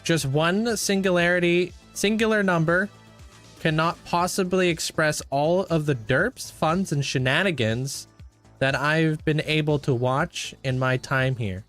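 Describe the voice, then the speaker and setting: A man's voice: fairly high pitch, a little slow, fairly bright tone, faint music behind. A young man livestreaming a game, chatting casually and greeting viewers by name. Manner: laid-back, thanks and greets viewers by name. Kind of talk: casual chat with live viewers while playing.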